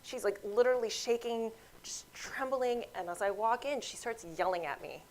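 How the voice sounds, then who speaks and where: A woman's voice: fairly high pitch, normal speed, a little hiss or hum, rough recording. Woman physician telling stories to an audience. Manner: lively storytelling, acts out quoted voices; addresses audience directly. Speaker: physician lecturer. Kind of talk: medical grand rounds lecture.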